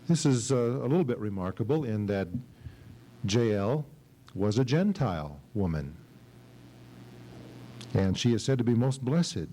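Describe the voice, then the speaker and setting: A man's voice: medium pitch, sing-song, unhurried, pauses often, dark tone, low-quality recording. A middle-aged male pastor preaching an expository sermon at a church service, reading scripture dramatically and asking his class questions.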